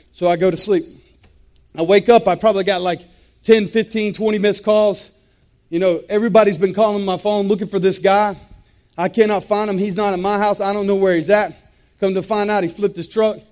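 A man speaks in a notably high register. He delivers a personal testimony in an intense, emphatic way. He often repeats a phrase to press the point home. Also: steady tone, moderate pace, a little mellow. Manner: intense, repetitive, emphatic storytelling.

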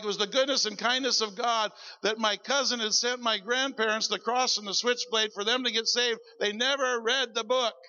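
Bright high-voiced male preacher. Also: long reverb tail, dull audio. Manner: animated, acts out voices in his stories. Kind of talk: storytelling sermon.

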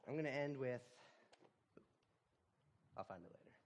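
A man's voice: medium pitch, expressive, moderate pace. Male preacher, folksy sermon storyteller with casual asides.

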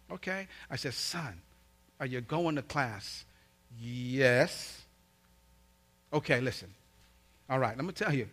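Bright-voiced preacher telling a family story. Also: male voice, medium pitch, fairly quick. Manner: animated, acts out voices with big swings in loudness. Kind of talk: sermon storytelling.

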